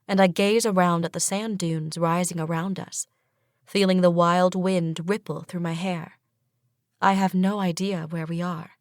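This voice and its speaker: A woman reading a first-person fantasy audiobook in a measured, even way. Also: on the low side, no echo, studio quality. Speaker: audiobook narrator. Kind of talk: scripted first-person narration.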